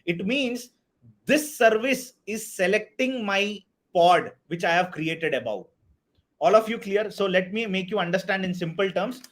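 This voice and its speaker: A man teaching a live online DevOps class, energetic, often checking if everyone is clear. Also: high voice, measured pace. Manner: energetic, repeats "are you all clear" and "right"; hypes up the chat and counts down to a target. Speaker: DevOps instructor.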